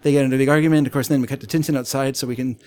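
A man's voice: medium pitch, fairly even intonation, rapid-fire, darkish tone. A man chatting casually as co-host, rambling through a story and laughing often. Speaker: podcast co-host. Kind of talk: casual comic book discussion.

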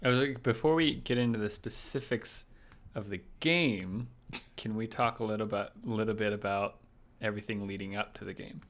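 Rambling, animated podcast co-host, fairly low voice. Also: male voice, normal speed. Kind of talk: casual chat.

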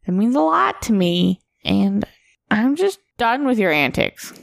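A woman's voice: mid-range voice, big pitch swings, unhurried, vocal fry, dry recording, studio quality. A woman playing a character at a tabletop game, teasing and given to dramatic complaints. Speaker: player.

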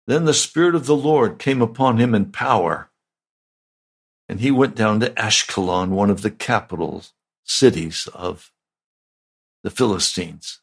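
A man's voice: lowish voice, animated, unhurried, vocal fry, husky. A male pastor preaching a sermon, retelling a Bible story and rising to emphatic peaks.

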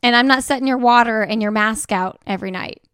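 Podcast host lady, higherish smooth voice, chatty and candid, dry close sound. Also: fast talker, fairly bright tone, dry recording. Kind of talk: conversational podcast interview.

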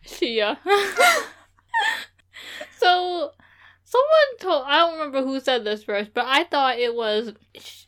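A woman's voice: sits high, lively intonation, unhurried, a bit bright. A woman co-hosting a podcast in casual chat, playful and giggly, with a slight lisp from a dental plate. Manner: giggly, playful, trips over words. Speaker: podcast co-host.

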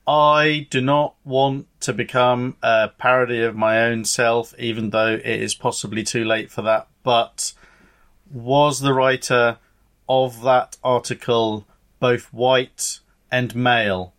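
A man hosting a podcast in casual chat, dry and deadpan, with hesitant ums. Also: mid-range voice, slow pace. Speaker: podcast host.

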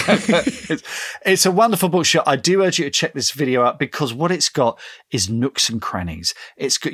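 A man's voice: medium pitch, fairly bright tone, slightly rough, dry recording, clean studio sound. A man co-hosting a podcast, enthusiastic and rambling, often laughing as he talks. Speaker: podcast co-host. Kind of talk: casual podcast chat.

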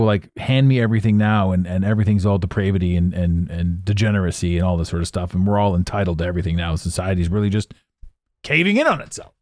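A man hosts his own podcast in a loose, rambling monologue, swearing and chuckling at his own lines. His pitch swings widely as he talks. The sound is dry and close to the mic. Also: dry recording. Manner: animated, swearing, laughing at his own jokes. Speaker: podcast host.

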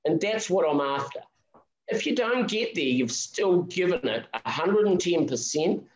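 A middle-aged man with a high-sitting voice speaks at a measured pace; the recording sounds roomy and the highs are cut off. He's a marathon swimming guest on a podcast, telling an emotional story in an animated way, with restarts.

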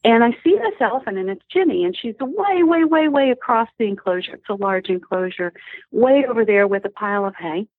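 A woman's higher voice comes through a tinny, husky phone line, dry with no echo, animated and fairly quick. She's a guest on a podcast interview, eagerly sharing animal stories.

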